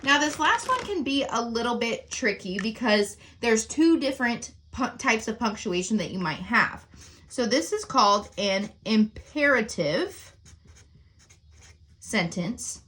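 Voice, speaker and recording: A woman's voice: fairly high pitch, big pitch swings, a little slow, fairly bright tone. A woman teacher explaining sentence types in a recorded lesson, often checking in with "okay?" and "right?".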